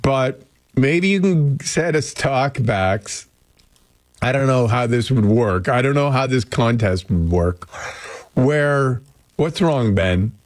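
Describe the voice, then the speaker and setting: A Canadian man hosts a casual morning radio show from a studio, chatting in a rambling, jokey way full of asides. His medium-pitched voice is animated and slow, picked up on a close studio mic with no room sound.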